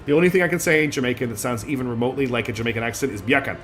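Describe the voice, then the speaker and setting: Brief: male gaming streamer, chatty and rambling, pokes fun at himself, mid-pitched. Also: rapid-fire, a bit bright, soft background music. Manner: chatty, rambling and self-deprecating. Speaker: game streamer. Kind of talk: casual gaming commentary.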